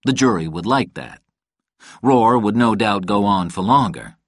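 A man reading a novel aloud in a calm, even storytelling manner. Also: on the low side, unhurried, dry recording, studio quality. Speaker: audiobook narrator. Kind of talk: scripted narration.

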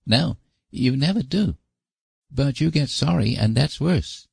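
An anxious little boy with a high, pleading voice that stumbles over his words, as a man puts him on for a storybook. The voice sits well above the reader's own, dry and close to the mic. Hoarse at the edges. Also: expressive, measured pace, no room sound, full character voice. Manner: pleading, hesitant, stammering. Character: small anxious earnest boy.

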